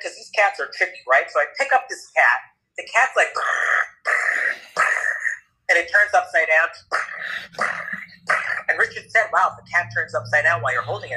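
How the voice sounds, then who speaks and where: A man with a very bright, fairly high voice tells a comic story in casual chat. He is animated and quick, and he puts on the voices of the other people in the story. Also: poor audio.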